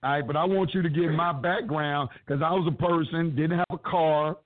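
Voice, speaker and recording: A man's voice: fairly high pitch, steady tone, brisk, no room sound. A man telling his story as an interview guest, blunt and emphatic, cursing heavily as he talks. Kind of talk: profane, animated storytelling. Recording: tinny, dry phone-like sound.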